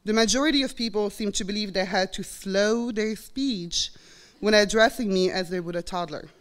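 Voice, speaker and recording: On a college stage before an audience, a woman in her forties from Belgium, with a Belgian French accent, tells a personal story in a live storytelling performance. Earnest and reflective, she acts out the quoted voices, speaking at a medium pitch and moderate pace.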